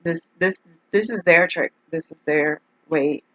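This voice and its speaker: A woman's voice: sits low, unhurried, dry recording. A woman ranting in a casual vlog, rambling and exasperated as she complains. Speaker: vlogger. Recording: dull, dry lo-fi recording.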